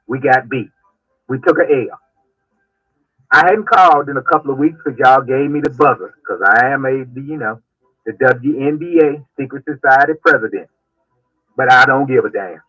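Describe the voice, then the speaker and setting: Loud mouthed caller guy on a muffled lo-fi line, swearing, talking trash. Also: mid-range voice, dry recording. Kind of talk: call-in rant. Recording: dull lo-fi phone-in line.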